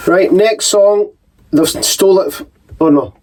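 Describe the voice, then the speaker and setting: A man's voice: high-pitched, normal speed, darkish tone. A man with a Scottish accent hosting a casual album-review chat, talking in a chatty way with hesitant restarts. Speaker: show host.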